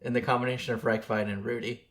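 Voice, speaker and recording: A man at a middling pitch co-hosting a casual podcast. He talks with enthusiasm and rambles, tripping over and restarting his sentences. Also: level tone, fast, a bit bright. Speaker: podcast co-host. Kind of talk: casual chat.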